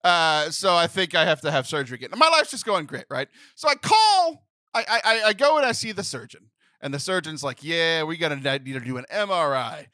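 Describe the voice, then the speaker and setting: A man in his thirties hosts a comedy podcast, spinning an exasperated story with lots of laughter. His voice sits high and lively, bright and forward. The sound is close and dry. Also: a little fast, dry recording. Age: 30s. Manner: animated, laughing, acts out phone voices in exasperated bursts. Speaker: podcast host.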